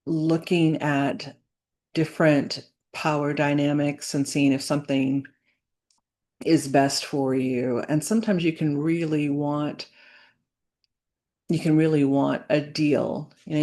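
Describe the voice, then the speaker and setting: A woman speaking to camera in a reflective personal vlog, earnest and halting, with many fillers and restarts. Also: sits low, a little mellow. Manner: earnest, faith-centered. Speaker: business owner vlogging.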